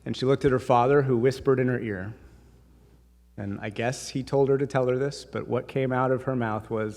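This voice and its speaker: A man's voice: mid-range voice, fairly even intonation, moderate pace, darkish tone. A man giving a conversational, anecdotal speech at a dinner, slipping humor into his stories. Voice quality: voices others in quoted bits. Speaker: speaker at a dinner. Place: large hall. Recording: long hall reverb.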